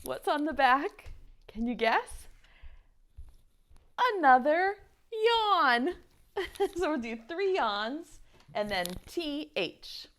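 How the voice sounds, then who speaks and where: A woman teaching an online preschool lesson to small children, speaking gently and encouragingly and singing slow children's songs. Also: high voice, expressive.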